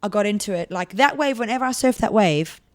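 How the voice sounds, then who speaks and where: A woman's voice: medium pitch, lively intonation, brisk. A young woman chatting as a podcast guest, playful and jokey, laughing often. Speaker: podcast guest, surf trainer and presenter. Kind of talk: casual chat.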